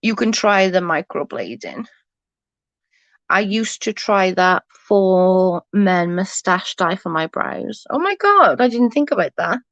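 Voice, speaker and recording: A tired woman with a mild stutter chats casually with her stream viewers, often breaking off and starting her sentences over. Her voice is mid-pitched and sounds dry and close, through a dull, lo-fi home mic. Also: animated, takes it slowly, fairly bright tone, no echo. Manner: chatty, trails off into restarts. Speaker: live-stream host.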